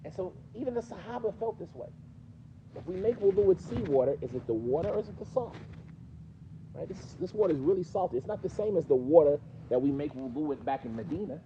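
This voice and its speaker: A man with a New York accent leads a class in a mosque, his voice a bit high yet mellow. He talks things through conversationally and keeps quizzing the room. The recording is muffled and lo-fi, with faint noise behind. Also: animated, fast talker. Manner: questioning, conversational, quizzes students. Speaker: teacher explaining hadith. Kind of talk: classroom lesson with questions.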